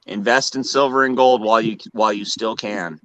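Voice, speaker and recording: A man's voice: fairly low pitch, steady tone, brisk, fairly bright tone, dry recording, poor audio. An American man chatting on a livestream, ranting earnestly with many hesitant fillers. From United States. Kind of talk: casual livestream chat.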